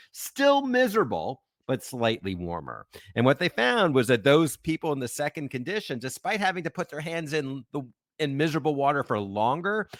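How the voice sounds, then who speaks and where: A man being interviewed as an expert guest on a podcast, explaining in a measured way with frequent ums. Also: mid-range voice, a bit bright, no echo, clean studio sound.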